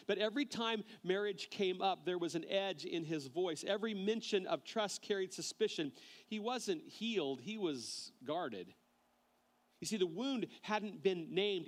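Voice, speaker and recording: This sermon comes from a male pastor who speaks earnestly, slows on the key lines, and often repeats words when starting a phrase. His voice is a little high.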